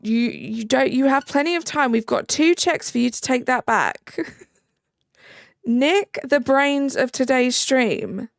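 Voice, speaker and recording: A British woman sits high in pitch with big swings, talking slowly in a creaky voice, recorded with clean studio sound and no room sound. Hosting a live stream with faint background music, she chattily reads and answers viewers' messages and thanks them.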